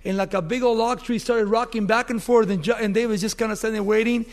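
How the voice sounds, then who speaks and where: A man's voice: high voice, steady tone, quick pace. A man preaching a sermon, telling a story animatedly and asking his listeners questions.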